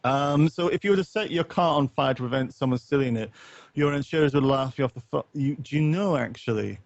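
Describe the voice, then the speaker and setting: A man's voice: medium pitch, fairly quick, gravelly. A man who grew up partly in Northern Ireland, co-hosting a podcast after-show in casual chat, rambling and thinking aloud with lots of fillers. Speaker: podcast co-host. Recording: dull lo-fi sound.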